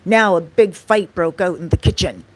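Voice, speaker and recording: Woman vlogger, casual storytime, a touch low-pitched, chatty. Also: moderate pace. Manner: chatty, often asks "right?" and says "like".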